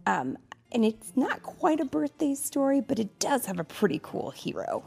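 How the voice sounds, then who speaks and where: A woman reading a picture book aloud to her child, animated and stopping to ask questions. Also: high-pitched, normal speed, vocal fry.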